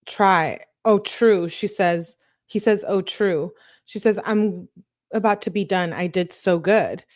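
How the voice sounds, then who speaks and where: A woman's voice: medium pitch, darkish tone. Casual woman commentator reading message logs aloud, dry asides, mid-range voice. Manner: casual, reacts with disgust and asides between messages. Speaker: true crime commentator.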